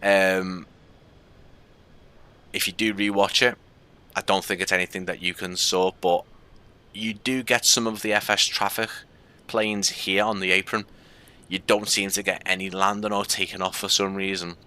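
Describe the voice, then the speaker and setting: A Scouse man streaming a flight game, chatting casually and rambling with plenty of ums. His voice is low and fairly flat in tone, yet bright and crisp. It sounds like relaxed commentary to a live audience. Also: moderate pace, long pauses. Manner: casual and rambling, with many fillers.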